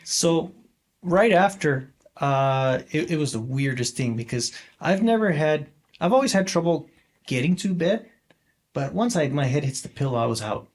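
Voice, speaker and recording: A man in his forties telling a personal story as a podcast guest, halting and rambling with many fillers and restarts. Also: a little high, expressive. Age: 40s. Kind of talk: casual storytelling interview.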